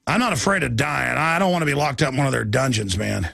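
Gravelly, bright-voiced ranting male radio host. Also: medium pitch, fast, dry recording, clean studio sound, soft background music. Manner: ranting, mocking, shifts into impressions. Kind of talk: fiery political talk radio monologue.

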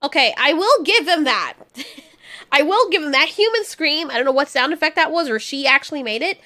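A woman chatting casually as she reviews a movie, animated and quick to laugh, often acting out the characters' lines. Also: high-pitched.

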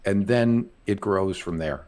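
A man with a fairly low voice hosts a relaxed interview show. He reacts keenly to his guest, tripping over repeated words as ideas come to him. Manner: eager, quick to agree and restart phrases. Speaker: podcast host. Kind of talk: casual interview chat.

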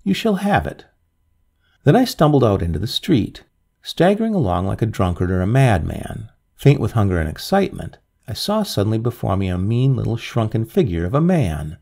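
A man narrating a dramatic old ghost story in an expressive, measured way. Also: lowish voice, vocal fry.

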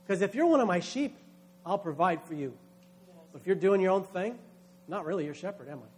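A man's voice: sits high, animated, brisk, slight background noise. A man, a pastor, preaching a sermon with emphatic delivery, acting out quoted voices.

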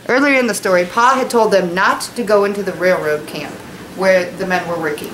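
A woman's voice: on the low side, background noise. A woman teacher at home reading a novel aloud to her students, stopping for chatty asides that explain words. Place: at home, kitchen nearby.

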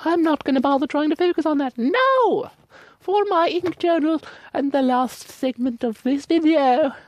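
High, mellow-voiced woman gushing over ink. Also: steady tone, moderate pace, no echo, poor audio. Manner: gushing and playful, drifts into hushed whispers. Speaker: ink reviewer. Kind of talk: casual review chat.

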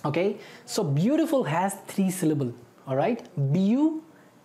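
Warm-voiced woman teaching English grammar. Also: mid-range voice, very animated, moderate pace. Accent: Indian English. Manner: explains patiently, repeats words, tags with okay and right. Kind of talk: online grammar lesson.

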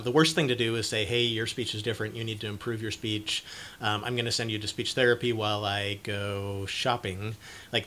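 A young man giving casual advice to camera, speaking haltingly with many fillers and restarts, and growing animated when he acts out an excited parent. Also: mid-range voice. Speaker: video presenter on cluttering.

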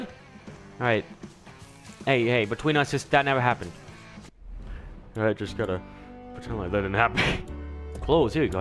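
A young man giving let's-play commentary, excitable and joking, often yelling and reacting loudly. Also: mid-range voice. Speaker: gaming YouTuber.

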